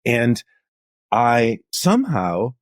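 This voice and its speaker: A man's voice: medium pitch, huge pitch swings, very slow, no room sound, studio quality. A middle-aged man, a journalist guest, telling anecdotes in a casual interview with lots of "like" fillers. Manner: anecdotal, chatty, many "like" fillers.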